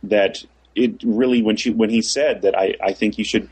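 A man with a lowish, husky voice talks through his view in casual discussion. He is thoughtful, often repeating and restarting his phrases as he works out what he means. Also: fairly even intonation, moderate pace, a little mellow, low-quality recording.

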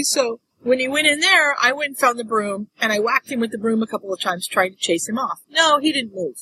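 Bright-voiced woman telling a story. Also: a little high, a little fast, few pauses, breathy edge, low-quality recording. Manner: animated storyteller, acts out voices. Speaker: podcast co-host. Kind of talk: casual chat, storytelling.

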